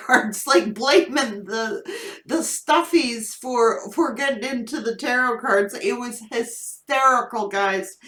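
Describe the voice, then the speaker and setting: Slow-talking tarot reader woman, echoey room. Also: fairly high pitch. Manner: laughing, animated storytelling. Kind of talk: casual tarot reading vlog.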